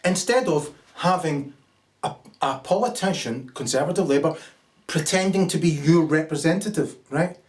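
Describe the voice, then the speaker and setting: A man's voice: on the high side, normal speed, recorded from a distance. A man delivering an angry, profane political rant, full of sarcastic asides and acted-out little scenes. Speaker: political commentator. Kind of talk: ranting monologue.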